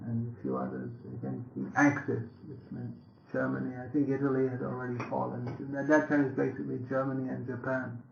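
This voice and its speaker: A man's voice: medium pitch, gravelly, a little hiss or hum. A man from England, giving a wry, conversational sermon on scripture with many restarts and asides. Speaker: lecturer on scripture. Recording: lo-fi echoey room recording.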